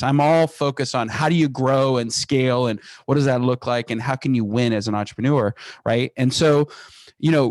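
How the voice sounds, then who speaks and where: A company founder appears as a guest on an interview podcast, telling business stories in a medium-pitched voice on a dry recording. His storytelling is energetic and animated, and he restarts phrases quickly.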